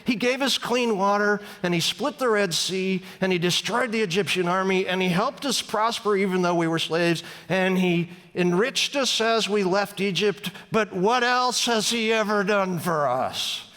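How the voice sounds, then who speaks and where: A man's voice: sits high, moderate pace, hardly any pauses, long reverb tail, voice pushed up. A man voicing a complaining crowd agitator who rails at the crowd and mocks its answers. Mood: agitated. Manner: shouting, mocking complaints. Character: rabble-rousing man in the crowd, grumbling agitator.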